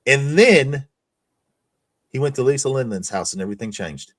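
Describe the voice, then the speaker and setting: A man's voice: mid-range voice, animated, normal speed. A man hosting a casual livestream chat, telling profane stories and laughing often. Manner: profane, laughs a lot, storytelling. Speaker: stream host.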